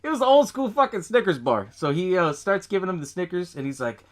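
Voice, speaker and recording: A man's voice: high-pitched, big pitch swings, fast. A man hosting a podcast, recapping a movie in a loose, profane way and laughing often as he tells it. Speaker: podcast host.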